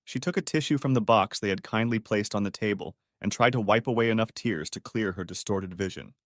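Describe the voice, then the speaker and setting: A man's voice: lowish voice, brisk, dry recording, studio quality. A man narrating a dramatic family story as an audiobook, reading expressively.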